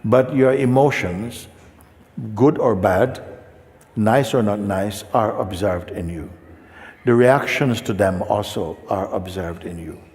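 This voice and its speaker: A man speaking as a spiritual teacher, talking gently and unhurriedly to a seeker and often checking in with questions. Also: lowish voice, slow pace. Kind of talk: spiritual talk answering a seeker. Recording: long hall reverb.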